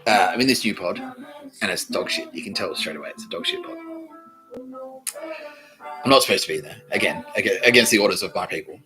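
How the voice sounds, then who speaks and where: A low-voiced Australian man tells a rambling, crude comic monologue. His speech swoops up and down and keeps breaking into laughter as it jumps from one topic to the next. Faint music plays underneath. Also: sing-song, fairly quick, pauses often, low-quality recording. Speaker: podcast host.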